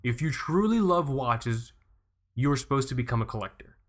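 A man's voice: mid-range voice, animated, normal speed. Brief: young guy, podcast co-host, loose and rambling, drops swear words, stacks up filler words. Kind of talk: casual chat.

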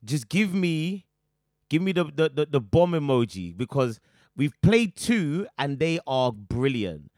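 Excitable host with a lively voice. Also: male voice, fairly high pitch, measured pace, dry recording, clean studio sound. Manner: excitable, repeats himself, hypes the listeners. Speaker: podcast host and DJ. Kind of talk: casual chat.

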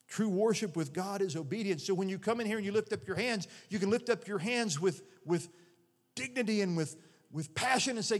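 A man's voice: sits high, fairly quick. A middle-aged male pastor preaching an earnest, conversational sermon in a church, often restarting his phrases. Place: church sanctuary. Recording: long reverb of a large hall.

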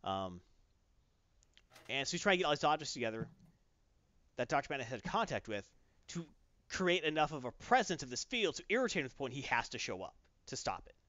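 A man in casual chat, animatedly retelling a comic plot and slipping into quick character voices. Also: medium pitch, sing-song, fairly bright tone, dry recording, dull audio.

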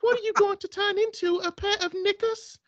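A woman's voice: very high voice, steady tone, brisk, pitched above the performer's own voice. A woman voicing a posh, adoring woman who gushes in a sing-song way. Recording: slightly muffled, dry.

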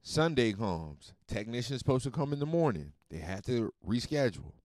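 Animated, profane man telling a story. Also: medium pitch, moderate pace, no echo, clean studio sound. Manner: animated, profane, swings loud and soft. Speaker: podcast host. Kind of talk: casual storytelling monologue.

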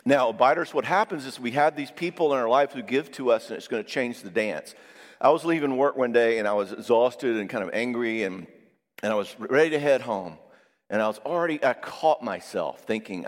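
A man giving a Christian marriage seminar. He talks in a conversational way, tags his points with "all right?" and tells lively personal stories. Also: mid-range voice, fairly quick. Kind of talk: live seminar talk to an audience. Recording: long reverb in a large hall.

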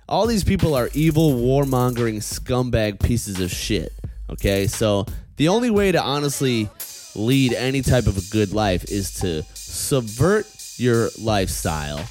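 Animated man ranting with lively pitch. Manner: animated, profane, heckles the audience with repeated "okay?". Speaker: comedian. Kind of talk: comedic rant.

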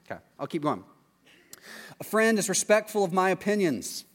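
Chatty preacher with a fairly high voice. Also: male voice, normal speed, pauses often, long reverb tail. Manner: chatty, animated, tags lines with "right?". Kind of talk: casual conversational sermon.

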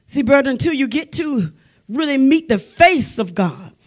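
A woman preaching a sermon with fervent emphasis, building to loud exclamations and sometimes dropping to a hush. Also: high-pitched, expressive, moderate pace. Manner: drops to hushed tones for dramatic effect.

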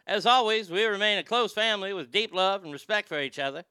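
A man's voice: high voice, quick pace, sharp tone, smooth, no room sound. A man doing an impression of a Canadian prime minister, chummy and full of "buddy" and "guy". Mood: mock-earnest.

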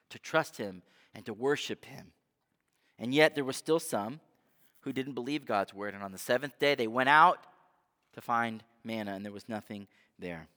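A man preaching a sermon as pastor, conversational and animated, often asking his listeners rhetorical questions. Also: medium pitch. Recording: long hall reverb.

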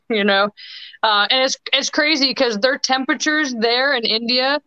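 Young woman podcast guest, bright and crisp, chatty with many restarts; dry, dull lo-fi call audio. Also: sits high, dry recording. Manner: chatty, quick bursts with many restarts and fillers. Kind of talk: casual storytelling chat.

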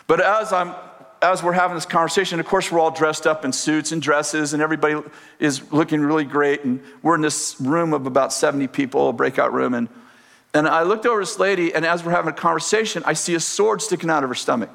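A man preaches in a storytelling style, acting out each exchange and breaking into laughter along the way. His voice sits fairly high for a man. The sound carries a long reverb, as in a large hall. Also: fast talker, gravelly. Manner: animated storyteller, acts out dialogue, laughs often. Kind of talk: storytelling sermon.

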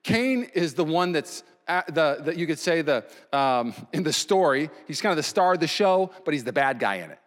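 A male pastor preaching a sermon in a slightly higher voice, emphatic and swinging between loud and hushed. His voice carries a long reverb from a large church hall. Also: lively intonation, normal speed, hardly any pauses.

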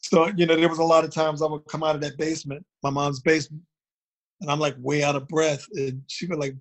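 A man from Baltimore chats casually as a guest, his voice sitting a little high for a man. He tells his stories in a loose, rambling way and keeps reaching for "you know" as he goes. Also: flat delivery, fairly quick. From Baltimore, United States. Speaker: drummer, guest. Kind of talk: casual interview chat.

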